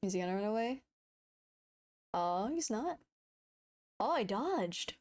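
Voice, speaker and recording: A woman's voice: mid-range voice, big pitch swings, slow pace, darkish tone. A woman streamer chatting casually and giggling at her own old footage, self-mocking and full of exclamations. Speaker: VTuber streamer.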